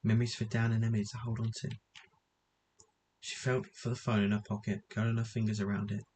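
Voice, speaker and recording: A man reading a novel aloud in a steady manner, now and then stumbling and restarting a word. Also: on the low side, fast talker, slight background noise, poor audio. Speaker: audiobook reader.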